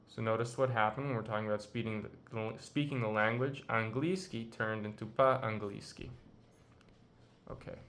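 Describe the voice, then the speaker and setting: A man teaching a language lesson, speaking slowly and patiently and repeating phrases for the learner to practice. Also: mid-range voice, gravelly, fairly bright tone.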